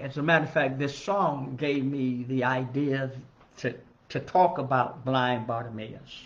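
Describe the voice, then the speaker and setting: A man, a minister, giving an earnest Bible study lesson in a church, measured and building emphasis on key phrases. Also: mid-range voice, steady tone, fairly bright tone. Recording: dull lo-fi recording.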